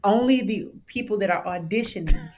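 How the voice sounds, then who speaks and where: A woman in her thirties from Michigan, a gospel singer telling a story as an interview guest and acting out the people she quotes. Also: moderate pace. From Saginaw, Michigan, USA. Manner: lively storyteller who acts out the people she quotes in high voices. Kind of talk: animated storytelling in conversation.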